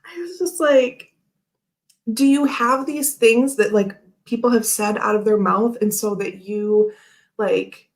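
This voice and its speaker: A woman's voice: on the high side, takes it slowly. A woman hosting a casual chat, telling a rambling story full of fillers and frequent laughs. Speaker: tarot channel host.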